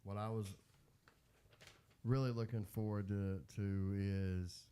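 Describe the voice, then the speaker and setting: A man's voice: fairly low pitch, little pitch movement, slow, warm tone, a little hiss or hum. A young man co-hosting a radio show in casual banter, with a dry, teasing manner.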